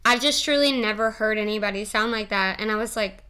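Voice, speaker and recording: A woman's voice: mid-range voice, a little fast, pushed and bright, clean tone. A young woman hosting a solo podcast, chatting casually in a rambling, giggly, profane and playful way. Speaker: podcast host.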